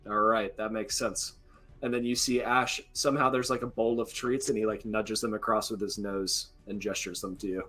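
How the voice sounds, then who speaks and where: Brief: casual, chatty game master, bright, energetic voice. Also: male voice, lowish voice, normal speed, soft background music. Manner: casual, chatty, many fillers. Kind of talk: narrating a tabletop game.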